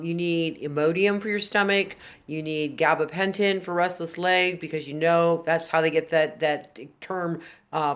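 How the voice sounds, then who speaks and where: A woman's voice: lowish voice, a bit bright. A woman vlogging directly to camera about her own recovery, speaking frankly and earnestly, with plenty of fillers. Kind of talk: casual direct-to-camera talk.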